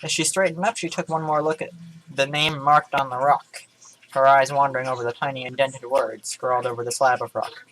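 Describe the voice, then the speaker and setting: A man's voice: medium pitch, level tone, a little fast, a bit bright, low-quality recording. A tired young man casually reading a story aloud from his webcam, with sarcastic asides and stumbles over words. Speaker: gaming vlogger. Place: indoor room.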